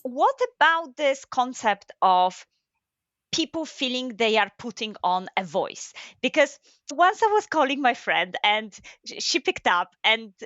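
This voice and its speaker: A woman's voice: on the high side, big pitch swings, measured pace, a bit bright, no room sound, dull audio. A woman podcast host asking her guest curious questions in a conversational interview.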